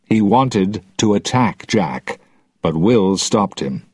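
A man reading a story aloud with slow, expressive narration. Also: on the low side, slightly rough, no echo, clean studio sound.

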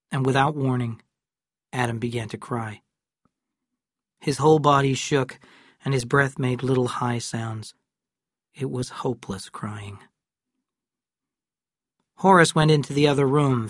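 A man reading a novel aloud in calm, measured scripted narration. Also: medium pitch, no room sound, clean studio sound. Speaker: audiobook narrator.

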